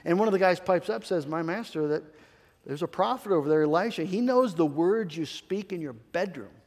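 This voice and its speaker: Man, pastor, earnest sermon, repeats phrases, high-pitched voice, long hall reverb. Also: lively intonation, brisk, a little mellow. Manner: earnest, repeats key phrases, many restarts.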